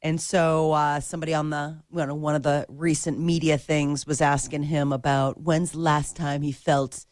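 A woman's voice: deep voice, little pitch movement, normal speed, few pauses, darkish tone, no room sound. Chatty female radio co-host, dry mic. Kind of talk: casual morning radio chat.

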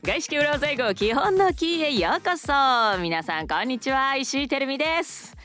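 A woman's voice: high-pitched, sing-song, quick pace, fairly bright tone, faint music behind. A woman co-hosting a podcast in casual chat, playful and chatty, with a radio DJ's ease. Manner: playful and chatty, often laughing.

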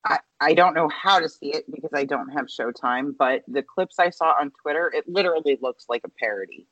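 A woman co-hosting a podcast, talking in a brisk, opinionated way. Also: deep voice, fairly bright tone, dry recording, lo-fi sound. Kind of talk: casual political chat.

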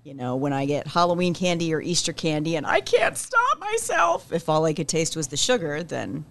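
Lively playful woman podcaster. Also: low voice, slight background noise. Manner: lively, playful, quick to laugh. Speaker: podcast co-host. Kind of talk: casual group chat.

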